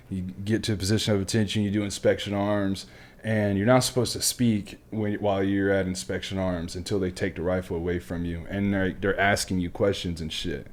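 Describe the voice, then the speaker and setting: A man with a fairly low voice hosts a loose, casual conversation. He tells stories from his military training, swearing freely. He talks with plenty of fillers and restarts. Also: a little mellow. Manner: profane, rambling storyteller, full of fillers. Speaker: podcast host; military veteran. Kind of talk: casual chat.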